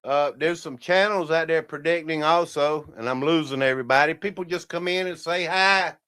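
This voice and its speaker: Chatty man with a smooth voice. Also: fairly high pitch, normal speed, a bit bright. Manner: rambling, laughs often, talks to viewers as "y'all". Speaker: livestream host. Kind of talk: casual livestream chat.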